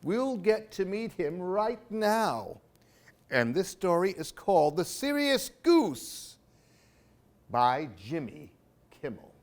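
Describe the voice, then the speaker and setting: Slow, expressive male storyteller. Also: high voice. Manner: expressive, sing-song. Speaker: storyteller for a library program. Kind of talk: reading picture books aloud.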